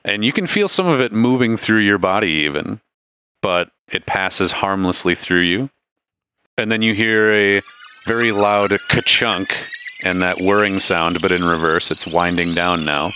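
A man narrating as game master of a tabletop game, relaxed and laughing often. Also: deep voice, a little slow.

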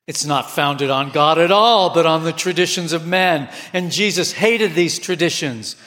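A man preaching a sermon with passion, his voice climbing to near shouts at times. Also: on the high side, measured pace. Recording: long hall reverb.

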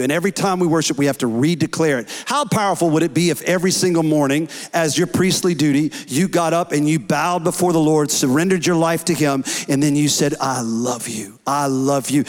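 Pastor, 30s, earnest sermon delivery, slightly high voice, long hall reverb. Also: male voice, a little fast, hardly any pauses. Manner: earnest preaching, rising to shouts in prayer. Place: church hall.

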